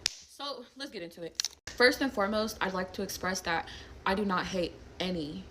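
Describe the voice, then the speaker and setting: A young woman tells a personal story straight to camera in an animated, blunt way, with plenty of swearing. Her voice sits at a middle pitch, and a faint hiss runs underneath. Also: normal speed. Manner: animated, blunt, swears freely, acts out quotes. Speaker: storyteller recounting a personal incident. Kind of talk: casual storytime monologue.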